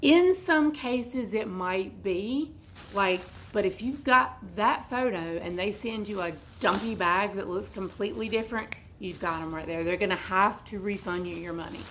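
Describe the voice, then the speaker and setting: Woman, hoarse froggy voice, chatty and rambling, casual home unboxing, slight background noise. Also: medium pitch, moderate pace, a bit bright, low-quality recording. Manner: rambling, chatty, goes off on tangents. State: hoarse, congested, coughing. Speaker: vlogger unboxing a bag. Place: at home indoors.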